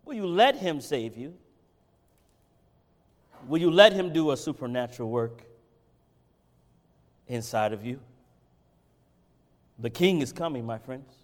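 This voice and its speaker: A man preaching a sermon. He swings between loud, impassioned peaks and low, conversational Bible teaching. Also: lively intonation, measured pace, long pauses. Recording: reverberant hall.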